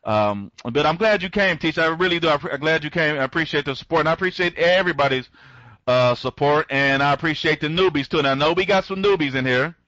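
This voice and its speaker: A man with a fairly high, bright voice runs an online training session and rambles from one thought to the next. He restarts his sentences constantly and greets listeners by name. The audio is dull and lo-fi. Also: quick pace, no room sound. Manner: speeds up when excited. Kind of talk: live online training talk.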